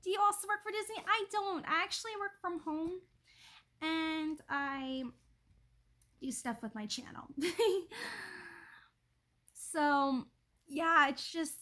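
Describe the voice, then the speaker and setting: A woman's voice: high-pitched, a bit bright. A woman chatting on a livestream from her home, rambling with lots of likes and ums and greeting viewers by name. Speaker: livestream host. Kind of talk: casual livestream chat.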